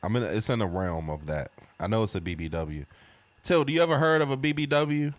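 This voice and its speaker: A man's voice: lowish voice, lively intonation, fairly quick. A young man co-hosting a podcast, bantering in loose, profane slang and dropping into put-on voices. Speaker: podcast co-host. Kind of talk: casual comedic chat.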